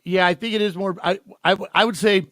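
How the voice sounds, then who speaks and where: A man's voice: sits high, fairly even intonation, a little fast, fairly bright tone, dry recording, clean studio sound. A man hosting a casual sports radio talk show, joking loosely and laughing often. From California. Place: radio studio.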